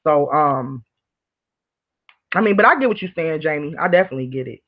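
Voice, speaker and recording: A woman's voice: low-pitched, a little fast. Candid woman chatting on a lo-fi stream. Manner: candid, animated, rambling with frequent laughs. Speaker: livestream host. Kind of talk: casual live chat reading viewer comments. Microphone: streaming mic. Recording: dull lo-fi stream audio.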